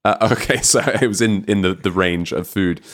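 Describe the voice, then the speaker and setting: A man's voice: sits low, normal speed, a bit bright. A man co-hosting a podcast in casual chat, playful and teasing, laughing often. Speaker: podcast co-host.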